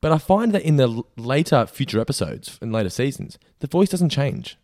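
A young man talking fast, his low voice swinging up and down as he recaps a show on a podcast. The recording is dry and close. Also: no room sound. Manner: quick, animated, recapping episodes. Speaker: podcast co-host. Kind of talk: casual chat.

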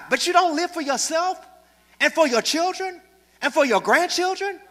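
In a reverberant church hall, a pastor preaches a sermon with humor, calling on the congregation to respond. His extremely high voice is animated, bright and forceful, delivered at a moderate pace.

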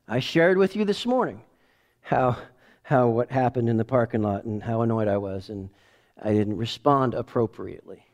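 A middle-aged man preaching as a pastor, emphatic, swinging from quiet asides to loud bursts and leading the congregation in call-and-response. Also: mid-range voice. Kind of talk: sermon.

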